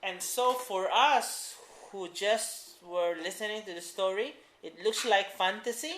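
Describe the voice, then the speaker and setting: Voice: medium pitch, a little slow, noisy background. A writing teacher giving a patient class explanation, repeating key points. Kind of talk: classroom instruction. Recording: roomy echo.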